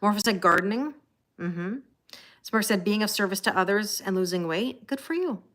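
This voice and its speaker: This tarot reader from Canada speaks at a normal pace with a medium-pitched, expressive, fairly bright voice. On her livestream she chats warmly with viewers, reads their comments, and keeps saying "you know?".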